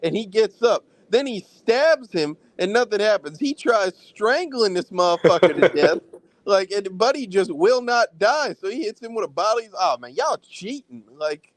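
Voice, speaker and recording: A man co-hosting a film review chat, talking in an animated, profane, slang-heavy way. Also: high-pitched, moderate pace, few pauses, no room sound, low-quality recording. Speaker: podcast co-host reviewing films. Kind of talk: casual chat.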